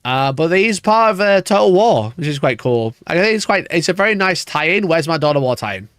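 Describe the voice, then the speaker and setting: Ranting man, lively swearing host. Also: a little high, brisk, clear, resonant tone, dry recording, studio quality, faint music behind. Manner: ranting, swearing, mock outrage. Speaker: wargaming channel host. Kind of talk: casual live-stream chat.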